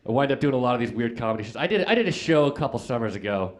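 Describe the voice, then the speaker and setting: A man's voice: mid-range voice, lively intonation, rapid-fire, slight background noise. Rambling young male stand-up comedian. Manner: rambling, self-deprecating storytelling with frequent "like" and restarts. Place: comedy club stage with live audience.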